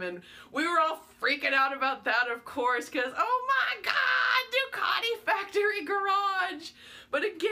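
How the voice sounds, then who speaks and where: A young woman vlogger telling a story in a casual, excitable, gushing way, with lots of fillers. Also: a little high.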